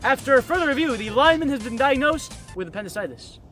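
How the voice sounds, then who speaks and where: A man doing a swaggering, foul-mouthed referee who threatens and gloats. His voice is pitched high and sharp, tense and biting. Game music runs underneath. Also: lively intonation, fast talker. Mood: bullying. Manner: swaggering, threatening, crude insults. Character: brash crude male referee, bullying and smug.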